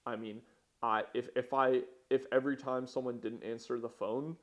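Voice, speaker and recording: A man's voice: medium pitch, level tone, moderate pace. A young man talking casually in a vlog about his business, rambling and swearing, with frequent restarts. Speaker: vlogger, entrepreneur.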